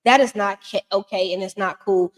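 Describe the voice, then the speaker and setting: Woman, casual recap commentary, blunt, profane, sassy, mid pitch, long room reverb. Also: steady tone, moderate pace. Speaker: reality TV recap host.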